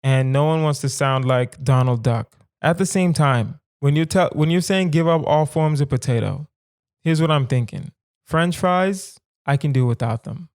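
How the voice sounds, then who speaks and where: A southern American man in his thirties hosts a solo comedy podcast, his voice on the high side at a moderate pace. He muses casually, rambling with animation and tossing rhetorical questions at his listeners.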